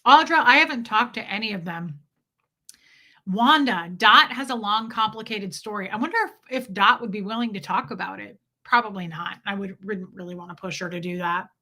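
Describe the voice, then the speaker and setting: Casting: bright-toned woman, profane animated storyteller chatting to viewers. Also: mid-range voice, brisk. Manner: profane, animated, quotes others in dialogue. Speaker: streamer telling her own story. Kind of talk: casual storytelling to a live chat.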